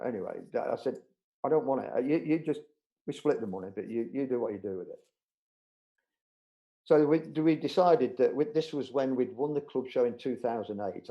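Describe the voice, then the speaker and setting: A middle-aged man, telling an animated anecdote in a casual live interview, acting out the voices of other people. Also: lowish voice, low-quality recording. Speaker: budgerigar breeder telling a story.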